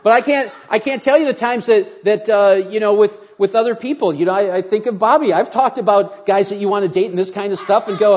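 An older man preaching a sermon as a pastor, folksy and conversational, with animated storytelling. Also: high voice, brisk, muffled recording.

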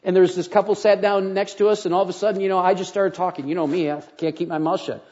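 Older guy pastor preaching, kinda high voice, chatty folksy storytelling, dull lo-fi church tape. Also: fast. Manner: folksy storytelling, animated in anecdotes. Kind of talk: sermon.

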